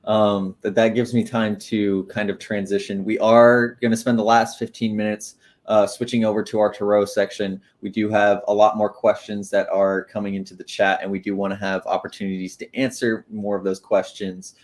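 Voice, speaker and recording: Low-voiced upbeat male livestream host. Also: level tone, normal speed, hardly any pauses. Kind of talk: promotional livestream hosting.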